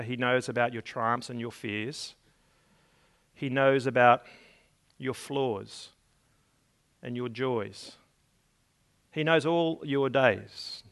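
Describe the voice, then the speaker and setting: A man's voice: mid-range voice, gravelly, a bit bright. A man preaching a sermon, earnest and emphatic, reading scripture aloud and repeating words as he builds his points. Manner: reads scripture and stories aloud.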